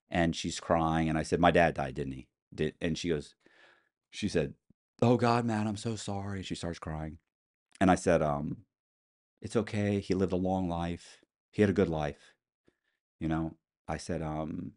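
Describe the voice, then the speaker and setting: A man as an interview guest, telling personal stories in a matter-of-fact, rambling way with frequent restarts. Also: extremely low pitch. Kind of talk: casual storytelling interview.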